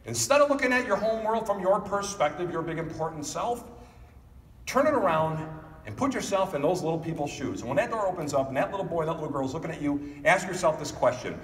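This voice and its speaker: A middle-aged man giving a motivational keynote speech, animated, acting out family members in quick voices. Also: fairly high pitch. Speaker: keynote speaker. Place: large hall. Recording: echoey hall from far off.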